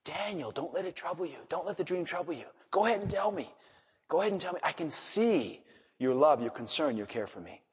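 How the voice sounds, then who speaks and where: A man voicing a gentle, reassuring ancient king, his voice a little husky, recorded with a dull, reverberant hall sound. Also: fairly high pitch, expressive, fairly quick, pitched above the performer's own voice.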